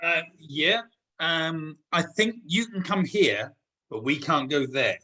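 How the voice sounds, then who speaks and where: A man hosting a meeting, telling a motivational story in a relaxed, conversational way. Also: on the high side, takes it slowly, low-quality recording. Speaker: meeting host.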